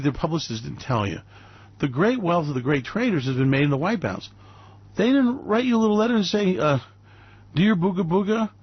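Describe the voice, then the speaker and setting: A man's voice: on the high side, husky, no echo, muffled recording. A man hosting a radio show, ranting sarcastically and slipping into mocking, theatrical silly voices.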